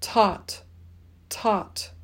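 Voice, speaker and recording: A woman leading a pronunciation drill, saying each word twice and pausing so listeners can repeat. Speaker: pronunciation teacher.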